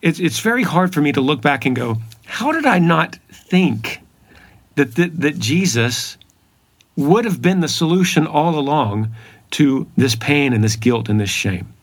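A man tells his story earnestly, leaning hard on repeated words. His voice sits a bit high for a man and has a husky edge. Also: animated, unhurried. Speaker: podcast guest. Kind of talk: personal testimony in conversation.

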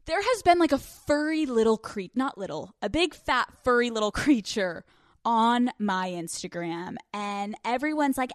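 A woman's voice: a little high, lively intonation, measured pace, dry recording, studio quality. Crude, candid young woman podcaster. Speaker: podcast host. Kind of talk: casual solo podcast chat.

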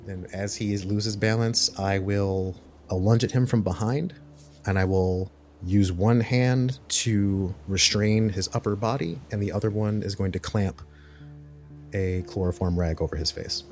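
A man playing a tabletop horror game, deliberately talking through his character's plans out loud. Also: on the low side, faint music behind. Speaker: player.

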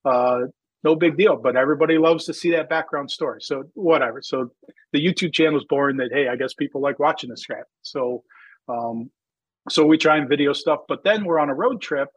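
Husky, rambling man telling a story. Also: a little high, brisk, no echo, highs cut off. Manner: rambling, filler-heavy, animated when quoting himself. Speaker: drag racer and magazine founder. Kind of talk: casual interview storytelling.

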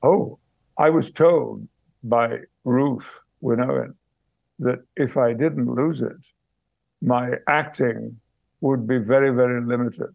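Older gravelly man with received pronunciation. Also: medium pitch, a little mellow, dry recording. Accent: British received pronunciation. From Yorkshire, England. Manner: measured, thoughtful, pausing to search for words. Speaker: guest, actor and memoir author. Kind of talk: reflective interview storytelling.

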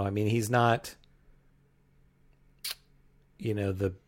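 A man's voice: on the low side, a little mellow. A man co-hosting a podcast, reviewing a film in casual chat, rambling and hesitant. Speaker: podcast co-host.

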